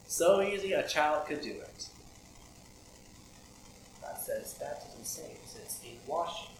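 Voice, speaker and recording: A man's voice: fairly high pitch, lively intonation, takes it slowly, long pauses. Man, preacher, conversational sermon, rhetorical questions, roomy echo, noisy background. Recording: echoey room with audible background noise.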